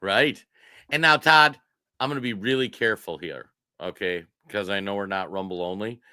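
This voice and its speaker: A man's voice: fairly low pitch, normal speed, pushed and bright, clean tone, no room sound. Male pundit co-host, mocking and emphatic, dry close recording. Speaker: political talk show co-host. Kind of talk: casual commentary.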